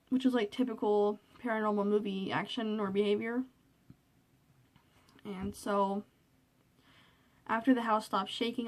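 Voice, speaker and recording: A woman vlogging alone in her bedroom into a cell phone, chatty and rambling with lots of fillers, a little nervous. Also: mid-range voice. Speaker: vlogger reviewing a movie. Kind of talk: casual chat.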